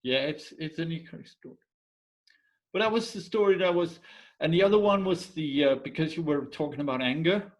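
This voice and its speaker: A man telling folk tales and their morals in a relaxed conversational way, often pausing to search for words and dropping into quiet asides. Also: a little high, rough recording. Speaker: storyteller. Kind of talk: casual oral storytelling.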